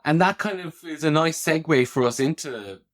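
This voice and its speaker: A man's voice: on the high side, moderate pace. A man hosting a podcast, asking curious questions and affirming his guest in a conversational way. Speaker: podcast host. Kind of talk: conversational interview.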